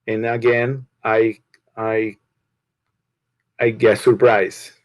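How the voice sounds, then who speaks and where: A balloon shop owner and guest, telling a casual story in halting with grammar and repeated words. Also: male voice, lowish voice, level tone, dry recording, poor audio. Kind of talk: casual storytelling on a live show.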